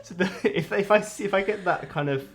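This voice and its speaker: A man's voice: sits high, brisk, fairly bright tone. A man, chatting casually as a guest about his work as a wedding magician and acting out people's reactions as he talks. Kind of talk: casual chat.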